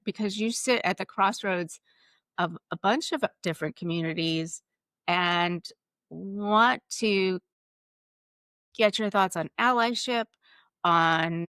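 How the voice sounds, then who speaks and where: A woman hosts a live interview, speaking in earnest, thoughtful phrases. Her voice sits fairly low. The sound is dry and close, with no room echo. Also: fairly bright tone. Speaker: podcast host.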